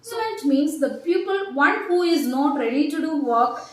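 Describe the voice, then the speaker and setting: A woman teaching an online English vocabulary lesson, slowly repeating each word and example sentence twice. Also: high-pitched, lively intonation, distant mic. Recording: very echoey room.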